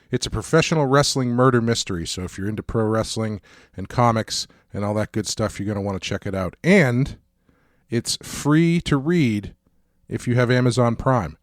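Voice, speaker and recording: Guy hosting a podcast, upbeat and clear, dry close sound. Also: mid-range voice, no room sound. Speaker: podcast host. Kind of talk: casual podcast chat and self-promo read.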